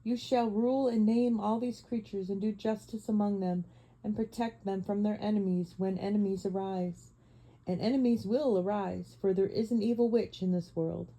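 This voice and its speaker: Solemn male lion king, grave and commanding, deep mellow tone , read by a woman. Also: steady tone, moderate pace, natural voice, low-quality recording.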